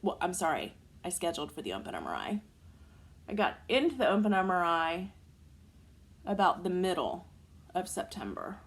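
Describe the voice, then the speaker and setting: A woman in her forties chatting to the camera, telling a long personal story in an animated, casual way. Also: lowish voice, moderate pace, pauses often. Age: 40s. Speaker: vlogger.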